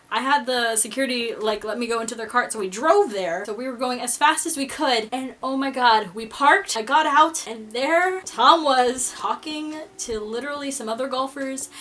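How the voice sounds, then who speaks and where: Brief: giggly, excitable woman telling a story time, slightly high and very bright, faint music behind. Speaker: vlogger.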